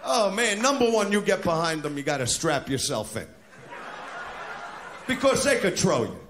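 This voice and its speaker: A man doing a crude stand-up routine in a brash manner, shouting his punchlines. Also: high voice, very animated, moderate pace. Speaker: stand-up comedian. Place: comedy club stage. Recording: live club recording with crowd noise. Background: audience laughter and noise.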